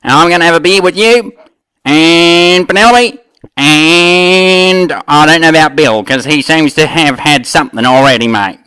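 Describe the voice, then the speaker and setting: Man hamming up a blunt Aussie bloke, broad Australian drawl, bright clear voice, mate every line. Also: on the high side, measured pace. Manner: broad ocker drawl, says mate constantly.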